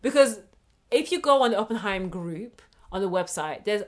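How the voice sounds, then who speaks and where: A woman's voice: mid-range voice, lively intonation, moderate pace. A woman co-hosting a casual chat podcast, talking in a playful way that slips into mock arguments. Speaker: podcast co-host.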